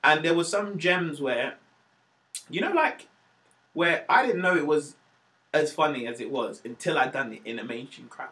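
A man tells stories in a relaxed podcast chat, his voice sitting a little high for a man. He slips into other people's voices as he goes, acting out what they said. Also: normal speed. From Wales. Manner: animated storyteller, acts out quoted voices. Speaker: stand-up comedian, guest. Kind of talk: casual podcast conversation.

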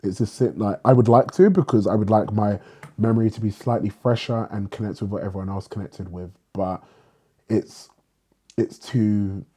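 A man's voice: fairly low pitch, normal speed, husky. A man with a slight lisp, a playwright guest talking casually and laughing often. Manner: relaxed, laughs often, slang-heavy. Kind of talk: casual conversation.

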